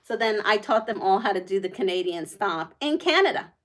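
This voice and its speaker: A middle-aged woman hosting a livestream, telling a story in casual chat, laughing often and animated. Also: medium pitch, brisk. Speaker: livestream host.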